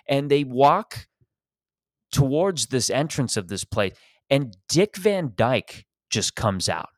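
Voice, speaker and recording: A man's voice: mid-range voice, big pitch swings, takes it slowly, no room sound, studio quality. A man hosting a podcast, riffing in a rambling, profane, sarcastic comedic monologue. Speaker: podcast host.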